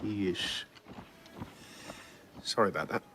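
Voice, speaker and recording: An actor playing a mild-mannered, polite hobbit burglar in a film clip, speaking earnestly and apologetically. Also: male voice, sits low, slow pace, pushed and bright, slight background noise, heavily acted. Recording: film clip with music score. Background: film music.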